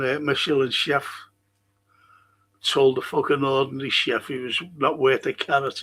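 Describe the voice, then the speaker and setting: A man's voice: medium pitch, bright, forceful tone. A man hosting a football fan stream, ranting angrily and swearing in a rambling monologue. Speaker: football fan show host.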